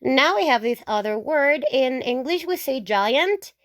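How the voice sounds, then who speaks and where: A woman teaching the Spanish alphabet, saying each word slowly several times and checking in with "okay?". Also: high voice, lively intonation, dry recording, clean studio sound. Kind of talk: slow alphabet lesson with repetition.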